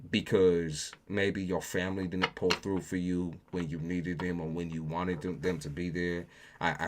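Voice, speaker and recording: A man giving a tarot reading on a livestream, talking casually and profanely, often repeating phrases for emphasis. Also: sits low. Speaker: tarot reader.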